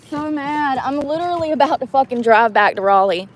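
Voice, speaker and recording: A woman's voice: high voice, animated, brisk, few pauses, slight background noise. A young woman ranting in a casual livestream, frustrated and swearing as she rambles.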